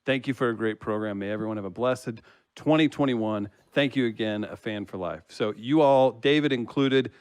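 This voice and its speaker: Smooth-voiced man, dry close sound. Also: mid-range voice, moderate pace, darkish tone, no echo. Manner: laughs easily, teasing. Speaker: producer reading listener comments. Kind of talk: casual podcast chat.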